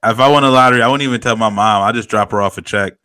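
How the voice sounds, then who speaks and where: A laid-back young man in casual podcast talk, with a bright, smooth voice recorded close and dry. He talks in loose slang and often lets his voice sink to a quiet mumble. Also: on the low side, racing, no echo. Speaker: podcast co-host. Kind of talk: casual chat.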